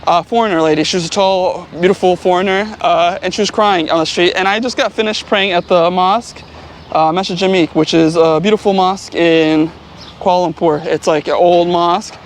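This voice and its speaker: A man's voice: sits high, fairly even intonation, a little fast, slight background noise. A man vlogging as he walks along a city street, telling stories casually and rambling with lots of fillers. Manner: rambling, heavy on fillers like "like" and "you know". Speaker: travel vlogger. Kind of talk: casual storytelling. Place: outdoors on a city street, walking.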